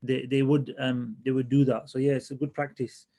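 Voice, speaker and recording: Gravelly-voiced man teaching casually. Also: medium pitch, moderate pace. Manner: relaxed, restarts often, thinks aloud. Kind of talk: casual classroom lesson.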